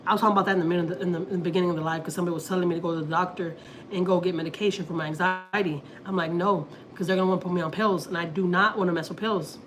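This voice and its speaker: A woman's voice: fairly low pitch, steady tone, racing. A woman from Houston in her thirties, chatting casually on a family livestream and rambling through a personal story as she acts out what people said. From Houston, Texas.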